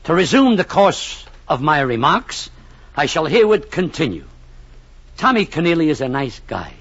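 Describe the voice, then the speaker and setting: A man telling a radio comedy yarn in a grand, mock-pompous manner, his pitch leaping about with lively swings. His voice is husky, and the old recording is dull and dry. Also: moderate pace, no room sound. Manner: mock-pompous and long-winded, with grand phrasing. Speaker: comic narrator. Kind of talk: 1940s radio comedy monologue.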